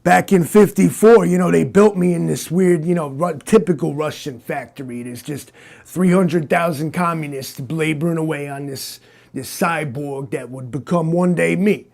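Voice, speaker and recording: A man voicing a brash Soviet cyborg who poses as a tough big-city detective, talking in a gruff, condescending way. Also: a little high, moderate pace, darkish tone. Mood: boastful. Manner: boastful, condescending, tough-guy talk. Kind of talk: improvised comic interview.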